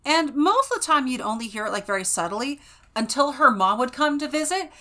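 A woman's voice: high-pitched, very animated, a little fast, sharp tone. A woman from California, co-hosting a podcast, recapping a book in casual chat and laughing often. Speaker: podcast co-host.

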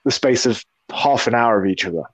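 An East Midlands English man chatting on a podcast, his pitch swinging widely as he tells sweary stories and acts out bits of dialogue. The recording is close and dry, with no room sound. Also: a little fast, no echo. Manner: animated, sweary storytelling with voiced impressions. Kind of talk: casual podcast chat.

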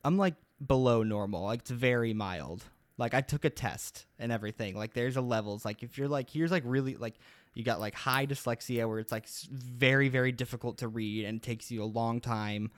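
A man's voice: medium pitch, a little fast, no echo. A young adult man co-hosting a podcast, telling a mystery story in casual, rambling, upbeat chat.

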